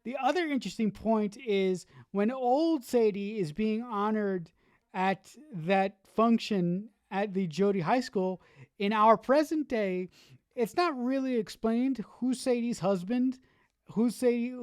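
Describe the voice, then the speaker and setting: A woman co-hosting a podcast, talking things through in a measured way and often repeating words as she thinks. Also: a little high, a little mellow, no room sound, studio quality. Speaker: podcast co-host. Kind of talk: casual chat.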